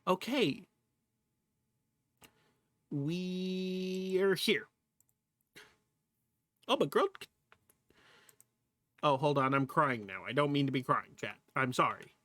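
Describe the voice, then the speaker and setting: A male streamer in a relaxed livestream chat, talking slowly and sitting a bit higher in pitch than most men. He laughs a lot, swears casually and calls out at the screen. The sound is dry and close, with no room echo.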